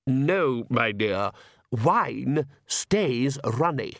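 A man voicing a pompous, cheerful vampire count who speaks slowly and genteelly, in an audiobook reading. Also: medium pitch, expressive, vocal fry, dry recording, studio quality, heavily acted. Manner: slow, genteel, self-satisfied.

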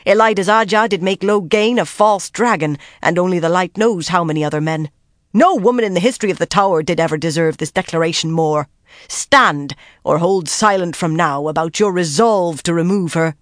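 A narrator voicing a furious woman on a ruling council, demanding loudly in an audiobook. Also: medium pitch, normal speed, no room sound, studio quality, lightly acted. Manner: outraged, demanding.

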